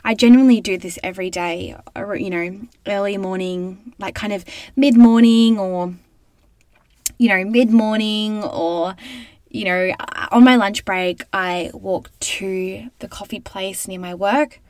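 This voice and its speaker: A young woman hosts her own podcast, talking in an earnest, effusive way and often restarting her sentences. She records close to a microphone inside a small clothes wardrobe, so the sound is dry, with almost no echo. Her voice sits at a middle pitch for a woman. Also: unhurried, a little mellow. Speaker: podcast host. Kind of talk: casual solo podcast monologue.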